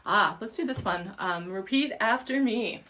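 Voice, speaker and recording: Lady vocal coach running warm-ups, unhurried and encouraging, mid pitch. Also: slight background noise. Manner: encouraging, demonstrates sung exercises between spoken cues. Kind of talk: livestream vocal warm-up lesson.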